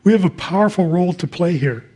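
Conversational male preacher, slightly high voice. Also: expressive, quick pace, mellow, slightly rough. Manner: conversational preaching, reading scripture aloud with asides. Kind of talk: sermon.

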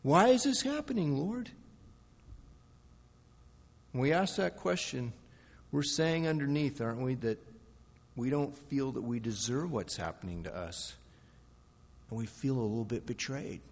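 A man preaching a sermon with dramatic shifts from soft, low passages to loud, pleading outbursts. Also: moderate pace, long reverb tail. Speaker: pastor.

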